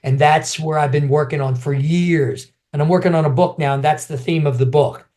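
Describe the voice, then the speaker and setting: A middle-aged man, a former champion kickboxer, telling his stories in a casual interview, animated, often restarting and acting out other people's voices. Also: fairly high pitch, normal speed.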